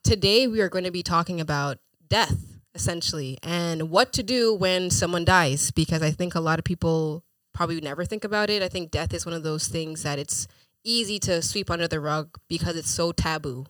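A man hosting a casual podcast, talking in a relaxed, rambling way with frequent fillers. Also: on the high side, fairly quick, few pauses, dry recording, low-quality recording. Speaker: podcast host. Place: parked car.

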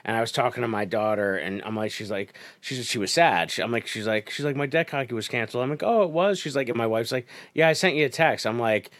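A man's voice: lowish voice, quick pace, few pauses, fairly bright tone. A man on a podcast panel, reflecting on family life in casual chat and often restarting his sentences.

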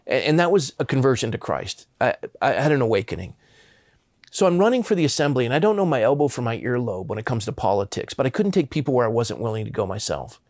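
A man's voice: medium pitch, sing-song, quick pace, a little mellow, dry recording, clean studio sound. A man in his fifties from Southern California, telling a personal story as a guest with earnest emphasis and frequent stammered restarts.

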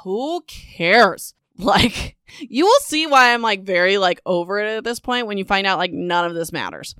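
A woman's voice: medium pitch, moderate pace, fairly bright tone, clear, resonant tone, dry recording, clean studio sound. A young woman hosting a casual book recap podcast, talking in a sarcastic, dismissive way with lots of "like" and "whatever.".

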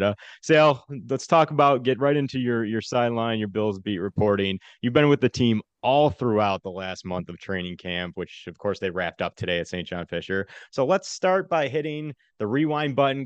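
A man's voice: fairly low pitch, clean tone, no room sound, muffled recording. A young man hosting a casual sports podcast, upbeat and chatty, laughing often. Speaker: podcast host.

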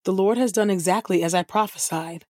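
A woman reading the lines of an aged male prophet raised from the dead, solemn and reproachful, in an even scripture-reading voice. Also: medium pitch, a little fast, dry recording, studio quality, close to an everyday voice. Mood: stern.

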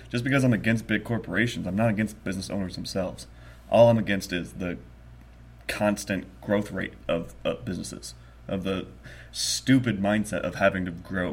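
A young man with a fairly low voice talks through his views in a casual chat. He restarts often and loses his thread before pushing on. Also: slightly rough. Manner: rambling, halting, many restarts. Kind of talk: casual conversation.

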